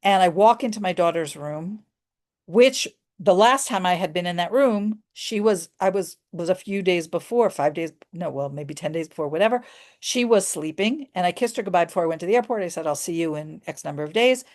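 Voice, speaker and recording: A woman's voice: lowish voice, animated, brisk, darkish tone. A middle-aged woman from the United States telling a personal story in an earnest, emotional way. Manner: earnest and emotional, many restarts.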